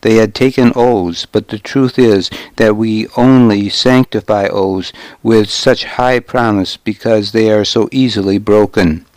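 Male audiobook narrator: low, very slow, grave, first-person telling in a dry studio. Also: fairly even intonation, a little mellow, no echo.

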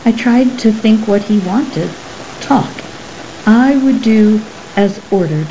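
Slow, mellow woman narrating. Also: medium pitch. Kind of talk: scripted narration. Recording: slightly muffled with faint hiss.

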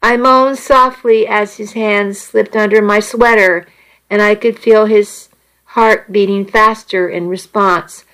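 Slow, soft-spoken woman narrating romance. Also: mid-range voice, steady tone, low-quality recording. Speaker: audiobook narrator. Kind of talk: first-person romance narration.

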